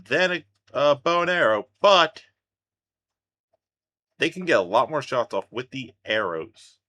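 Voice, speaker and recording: A man's voice: low voice, bright, forceful tone. A man hosting a reaction video, cracking jokes and swearing offhandedly in casual commentary.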